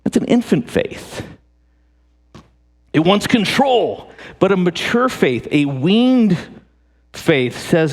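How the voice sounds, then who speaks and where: A married man preaching a sermon to a church congregation, animated and jokey, often repeating and restarting his phrases. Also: sits high, takes it slowly, vocal fry, long pauses. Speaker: pastor. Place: church sanctuary. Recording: long hall reverb.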